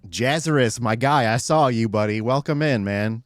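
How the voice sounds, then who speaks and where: A man streaming live, chatting casually and excitably with his chat, swearing often and greeting viewers by name. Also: medium pitch, moderate pace.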